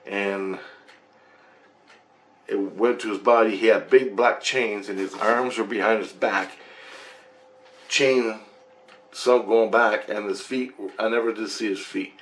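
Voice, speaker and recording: A man casually recounting a vivid dream in a rambling, excitable way, swearing as he goes. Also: on the low side, slow, long pauses. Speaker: vlogger.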